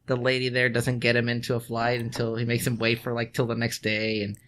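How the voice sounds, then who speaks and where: A man's voice: mid-range voice, monotone, a little fast, fairly bright tone, a little hiss or hum. A man co-hosting a casual podcast, telling a story in a loose, rambling way. He swears freely, restarts his sentences again and again, and breaks into laughs. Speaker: podcast co-host. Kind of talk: casual chat.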